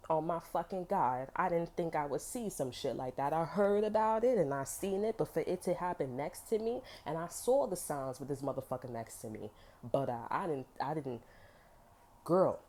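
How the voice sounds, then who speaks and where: A woman's voice: low-pitched, lively intonation, moderate pace, mellow, a little hiss or hum. A woman giving a casual tarot reading, blunt and profane, full of emphatic slang. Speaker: tarot reader.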